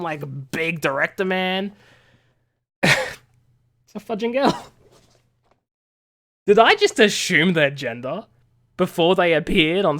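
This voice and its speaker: A woman streamer chatting casually, stammering and mocking herself with minced swears. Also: fairly low pitch.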